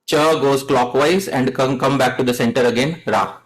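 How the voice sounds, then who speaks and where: Leading chants for his audience to echo, a man delivers a devotional lecture, frequently asking them questions and addressing them as dear devotees. He speaks in a medium pitch at a normal speed, and the recording is rough.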